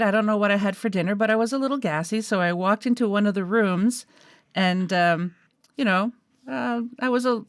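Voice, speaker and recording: A woman's voice: mid-range voice, no room sound. Chatty woman podcast host, dry sound. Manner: laughs often, chatty. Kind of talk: casual chat. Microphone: video call.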